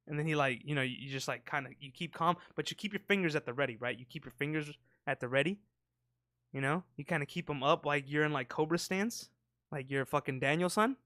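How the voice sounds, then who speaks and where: A man chats on a podcast in a slightly high voice, rambling and cursing as he acts out little hissing sound effects. The sound is close and dry, with no room around it. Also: fast, fairly bright tone, no echo. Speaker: podcast co-host. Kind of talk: casual podcast banter. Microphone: close podcast mic.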